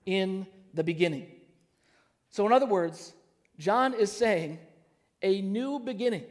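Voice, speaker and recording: A man preaching a sermon to his congregation. He is animated, uses frequent fillers when telling stories, and leads the room in call-and-response. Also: sits high, in a large hall. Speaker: pastor. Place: church sanctuary.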